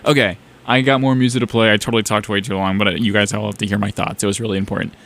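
A man's voice: lowish voice, flat delivery, rapid-fire, vocal fry, a bit bright. A young man from South Carolina hosting a music show, chatting in a rambling, enthusiastic way about songs he just played. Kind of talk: casual music radio chat.

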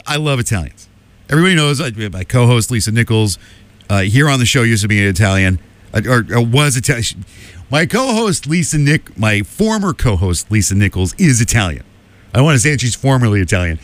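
A man's voice: medium pitch, big pitch swings, brisk, fairly bright tone. A man hosting a radio talk show, delivering a combative opinion monologue with emphatic asides. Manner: combative, emphatic, keeps asking "okay?".

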